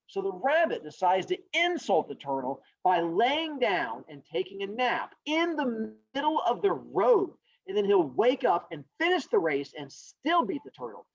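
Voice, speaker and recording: Animated, rambling male teacher. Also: sits high, moderate pace, hardly any pauses, muffled recording. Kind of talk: storytelling lesson.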